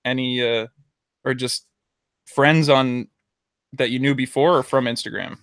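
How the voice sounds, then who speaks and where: Man, podcast co-host, mid-pitch voice, laid-back casual talk, dry close sound. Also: fairly even intonation, a little slow, a bit bright, clean tone, dry recording. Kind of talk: casual chat.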